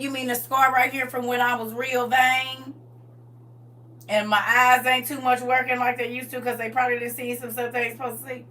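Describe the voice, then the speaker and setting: A woman's voice: on the high side, steady tone, normal speed, fairly bright tone, distant mic. A woman teaching a livestreamed Bible study, reading scripture aloud and talking to her viewers directly in a casual, preachy way.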